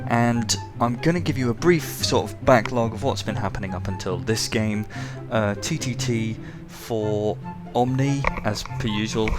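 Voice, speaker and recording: A man's voice: mid-range voice, measured pace, hardly any pauses, music in the background. An English man hosting casual game replay commentary, chatty and full of joking asides. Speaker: game commentator and show host.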